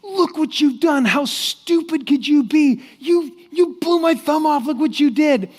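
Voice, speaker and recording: A man voicing an angry, hot-tempered king who shouts in indignation, in the long echo of a hall. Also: very high-pitched, unhurried, voice pushed up. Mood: furious.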